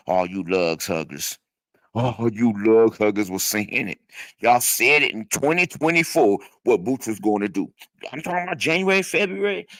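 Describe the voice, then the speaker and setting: A fifty-year-old man hosts a casual boxing livestream with a fairly low voice, close and dry on the mic. He talks trash loosely, stumbling into repeated words and swearing as he reads the chat. His voice jumps up high when he gets worked up. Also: no echo. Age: 50s. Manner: animated, stuttering repetitions, profane trash talk.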